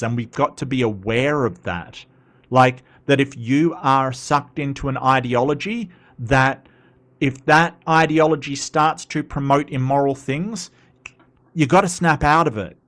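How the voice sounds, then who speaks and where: An Australian man talks on a live show in a loose, rambling way and keeps drifting into asides. His voice sits at an ordinary middle pitch for a man. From Western Australia. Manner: chatty and rambling, with frequent asides. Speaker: host reading live chat. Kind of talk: casual livestream commentary.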